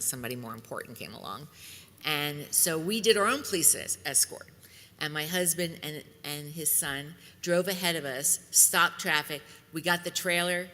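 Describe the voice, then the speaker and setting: A middle-aged woman with a low, bright, forceful voice tells lively anecdotes as a convention guest speaker. Her words ring out with a long reverb through a large hall. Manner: lively anecdotal storytelling with laughter. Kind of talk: storytelling speech to an audience.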